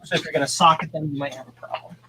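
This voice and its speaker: A man chatting casually on a live repair stream, slipping in jokes and playful banter as he works. His voice sits a little high for a man, and a steady hiss of noise runs under the mic. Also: rapid-fire, rough recording. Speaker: stream host repairing boards. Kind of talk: casual livestream chat while soldering.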